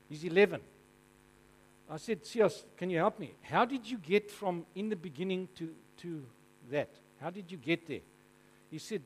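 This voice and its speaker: Man, South African accent, high voice, preacher, jokey storytelling sermon, quizzes the audience. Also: measured pace, pauses often, rough recording. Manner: animated and jokey, asking the audience questions. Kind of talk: storytelling sermon to a live congregation.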